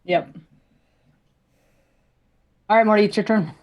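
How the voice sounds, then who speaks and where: A woman running a tabletop game as game master, brisk and matter-of-fact about the rules. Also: medium pitch, highs cut off.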